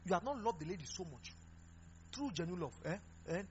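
A man preaching a lively sermon, mixing Pidgin into his exhortations and laughing often. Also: high-pitched, brisk, slight background noise. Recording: dull lo-fi recording with faint music.

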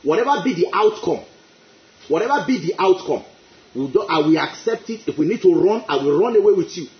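Male preacher, high animated voice, emphatic repeats, echoey lo-fi recording. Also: a little fast. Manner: emphatic, repeats phrases, exclaims praise. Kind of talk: sermon. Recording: echoey, dull lo-fi.

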